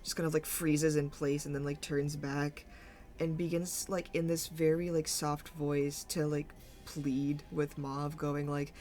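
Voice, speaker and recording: A woman's voice: low voice, level tone, darkish tone, soft background music. A woman narrating as game master for a tabletop game, hesitant and full of fillers. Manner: slow, hesitant, many fillers.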